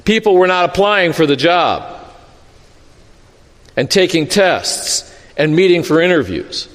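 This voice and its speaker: A man with a high, light voice preaches a sermon, acting out quotes and asides as he retells a Bible story. His voice rings out in a big hall with a long reverb tail. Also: unhurried. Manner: expressive storytelling with acted-out quotes. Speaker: pastor.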